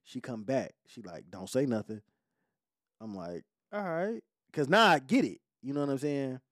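A man hosting a podcast, telling a story in a casual, profane, animated way. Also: medium pitch, moderate pace, no echo, studio quality. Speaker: podcast host.

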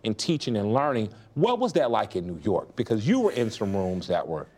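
Low-voiced man interviewing warmly. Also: wildly swooping pitch, fairly quick. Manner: encouraging, frequent yeahs, reflective questions. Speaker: interviewer, rapper. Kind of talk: casual interview.

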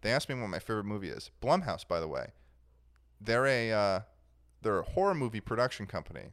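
A man's voice: fairly low pitch, very animated, fairly quick, fairly bright tone. A young man in casual chat, rambling with many restarts and fillers.

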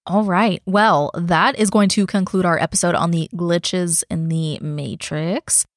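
A woman's voice: on the low side, fairly even intonation, measured pace, dry recording, clean studio sound. A young woman in her twenties co-hosting a podcast, reading listener stories aloud and cutting in with blunt, profane reactions. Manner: blunt, swears freely, interrupts her own reading with reactions. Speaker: podcast co-host.

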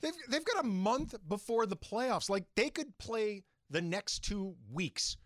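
High, animated male sports co-host. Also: no echo, studio quality. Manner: emphatic, quick rebuttals. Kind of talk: sports talk radio debate. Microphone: studio microphone.

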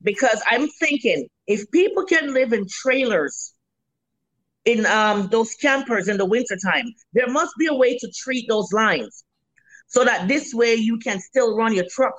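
A middle-aged Jamaican woman, a food vendor, chatting in an interview as a lively storyteller who swears freely. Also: a little high, a little slow, no echo, rough recording. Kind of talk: casual interview chat.

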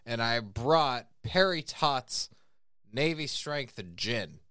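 A man's voice: medium pitch, animated, slow pace, bright, forceful tone, clear, resonant tone, no echo, clean studio sound. A man co-hosting a podcast, tipsy and rambling in casual joking banter. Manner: rambling, jokey, drunken. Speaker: podcast co-host.

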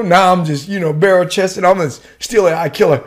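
A man's voice: sits high, fairly even intonation, fast. A man telling a war story in casual chat, full of slang and swearing and breaking into laughs. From United States. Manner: profane, laughing, slangy with dude and bro. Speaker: guest, retired Army warrant officer.

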